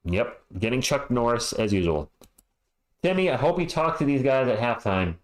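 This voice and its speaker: A man's voice: mid-range voice, sing-song, normal speed, slight background noise, poor audio. A man hosting a fan livestream, reading halftime stats and chat messages with frustrated, sarcastic commentary.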